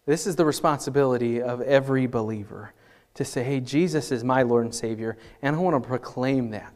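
A man preaching an earnest Easter sermon as pastor at a church service, lifting his voice for scripture and dropping low for personal appeals. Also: a little fast. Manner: earnest, rises for scripture and drops soft for appeals.

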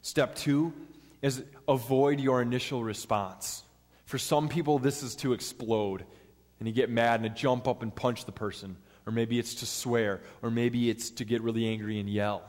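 A man's voice: medium pitch, fairly even intonation, normal speed, darkish tone. A man preaching a sermon in an earnest, step-by-step teaching manner. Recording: long hall reverb.

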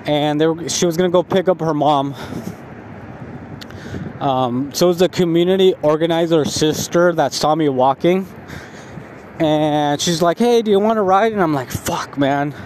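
A man's voice: on the high side, fairly even intonation, a little slow, long pauses, a little mellow, a little hiss or hum. A young man telling a rambling, profane story about himself in a casual vlog, laughing at himself.

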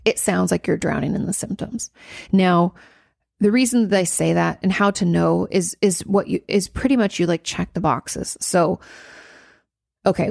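A woman's voice: lowish voice, vocal fry, a little mellow, no room sound, clean studio sound. A woman therapist answering a viewer's question in a candid, rambling way, often restarting her sentences.

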